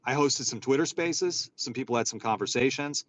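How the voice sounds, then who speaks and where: A man at a middling pitch, hosting a live audio chat. He talks in long, rambling, exasperated runs, swearing often, with a faint hiss of noise behind him. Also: normal speed, a bit bright, poor audio. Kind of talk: casual chat.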